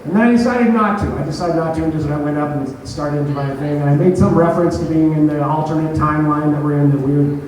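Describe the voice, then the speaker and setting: A man's voice: a little high, fairly even intonation, fast, darkish tone. A stand-up comedian, a man, casually retelling a story from his own show, profane and self-mocking. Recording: echoey room, voice from a distance.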